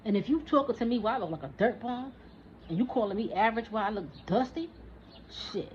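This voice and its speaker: A woman's voice: on the high side, lively intonation, fast, darkish tone. Heated, profane woman in her forties. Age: 40s. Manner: profane, heated, talks back to an imagined listener. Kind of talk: casual ranting monologue. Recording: dull lo-fi recording with faint noise.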